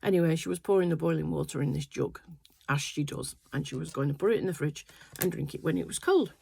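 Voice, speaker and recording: A woman's voice: deep voice, fast talker, creaky, warm tone, a little hiss or hum. An older woman chatting casually in her sewing room, telling a rambling family story full of fillers. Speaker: quilting vlogger. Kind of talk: casual chat.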